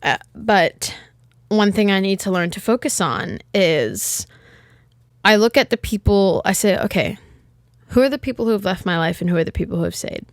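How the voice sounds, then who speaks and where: A woman's voice: medium pitch, expressive, normal speed, no echo. Young woman, solo podcast host, rambling and candid, casual swearing, dry close sound.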